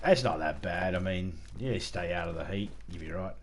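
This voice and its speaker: A man's voice: sits low, moderate pace, gravelly, slight background noise. An Australian man chatting casually with viewers on a live game stream, rambling, self-mocking and swearing freely.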